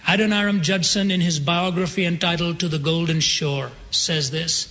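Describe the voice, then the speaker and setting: A man preaching a sermon, telling a story with dramatic pauses and slowing down for emphasis. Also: fairly high pitch, steady tone, sharp tone. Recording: dull sound with long hall reverb.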